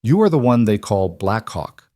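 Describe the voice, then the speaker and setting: A brisk, stern old farm wife with a Norwegian accent, put on by a male narrator. She speaks in short, blunt broken English. The sound is dry and close. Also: lowish voice, big pitch swings, warm tone, dry recording. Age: older.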